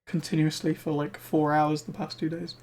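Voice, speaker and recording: A man talks through his gameplay for a live stream in a loose, excitable way, cursing casually as he goes. His voice sits a touch high and sounds a little worn, as he is losing it. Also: normal speed. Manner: chatty, excitable, swears casually. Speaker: game streamer.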